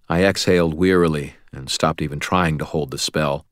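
Brief: male audiobook narrator, deep voice, dry close studio sound, wry and weary. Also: steady tone, moderate pace, few pauses, dry recording. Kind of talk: first-person novel narration.

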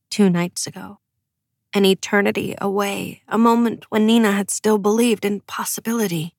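A woman's voice: medium pitch, fairly even intonation, moderate pace, no echo, studio quality. A woman narrating an audiobook with emotive, dramatic delivery. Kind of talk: scripted narration.

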